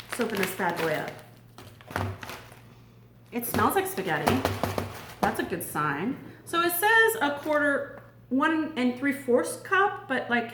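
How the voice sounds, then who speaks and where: A woman vlogger casually demonstrating gear at a table, chatty and thinking aloud with fillers. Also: mid-range voice. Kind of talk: casual product demo. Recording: roomy echo, faint background noise.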